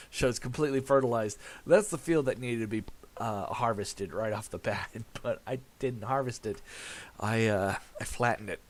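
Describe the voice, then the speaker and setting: A man's voice: on the low side, a little hiss or hum. A man casually commentating his farming game, rambling with many fillers and laughs. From America. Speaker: gaming channel host.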